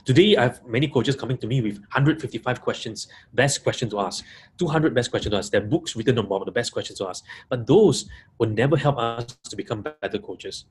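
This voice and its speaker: A man's voice: medium pitch, a little fast, a little hiss or hum. A man giving a webinar talk to coaches, repeating key points and stressing single words. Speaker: coaching trainer. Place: live audience room.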